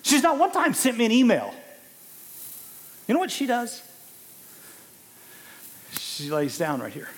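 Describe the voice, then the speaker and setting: A man in his sixties preaching a sermon, swinging from hushed asides to loud, emphatic exclamations. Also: very high voice, wildly swooping pitch, a little slow, long pauses.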